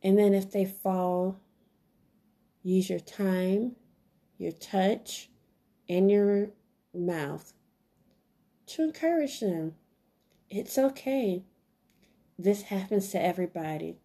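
A woman with a mellow, warm-toned voice talks straight to her listeners in an earnest, encouraging way. She leans on repeated phrases like a gentle sermon. Her pitch sits in an ordinary middle range. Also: takes it slowly, long pauses. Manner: earnest, repetitive, preachy and encouraging. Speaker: podcast host. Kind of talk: motivational self-help talk.

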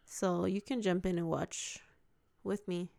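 A woman co-hosting a podcast in casual chat, teasing and laughing often with quick retorts. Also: on the low side, steady tone, gravelly, a little mellow. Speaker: podcast co-host.

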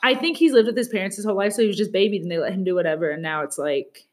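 Woman podcast co-host, chatty and gossipy, casual recap voice. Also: medium pitch. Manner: chatty, gossipy, quotes people in quick asides. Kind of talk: casual chat.

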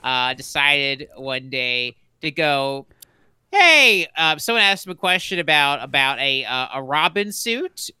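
Bright, teasing podcast joker. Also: male voice, a little high, sing-song, unhurried, smooth, no echo. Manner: teasing, crude joker, stammering restarts. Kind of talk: casual chat.

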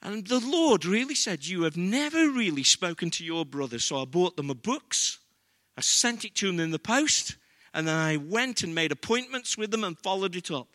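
A man's voice: sits high, big pitch swings, normal speed, fairly bright tone. An older man with an English accent, preaching a sermon as pastor in an earnest, conversational way.

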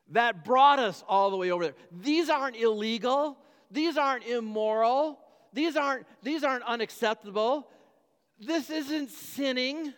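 Emphatic preacher in a reverberant hall. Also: male voice, high voice, a bit bright. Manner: emphatic, repetitive preaching with stumbles and restarts. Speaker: pastor. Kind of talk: sermon.

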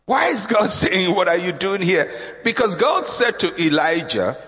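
A man preaching a sermon, emphatic and animated, acting out voices as he speaks. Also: unhurried. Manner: animated, emphatic, acts out voices with big pitch swings. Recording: long reverb of a large hall.

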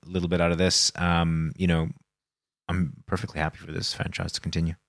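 A man's voice: deep voice, monotone, fairly quick, creaky, fairly bright tone, no echo. A man co-hosting a film news podcast in a studio, musing in loose, qualified phrases. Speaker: podcast co-host. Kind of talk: casual film news chat.

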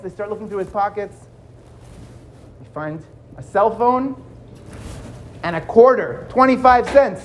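A man telling a dramatic story to children, swinging between loud and hushed. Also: very high-pitched, animated, unhurried, pauses often, a little hiss or hum.

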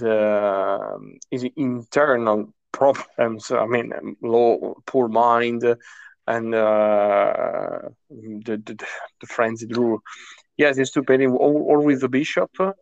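A man's voice: medium pitch, steady tone, slow, no echo, dull audio. A man co-hosting a casual chat about a tabletop game, hesitant, with many fillers and restarts. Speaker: podcast co-host.

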